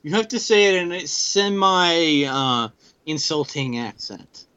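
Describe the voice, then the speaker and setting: A man's voice: fairly high pitch, expressive, measured pace, bright, forceful tone, clean tone, dull audio. A man co-hosting a podcast, chatting casually and teasing with jokes. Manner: joking, teasing. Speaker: podcast co-host. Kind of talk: casual chat.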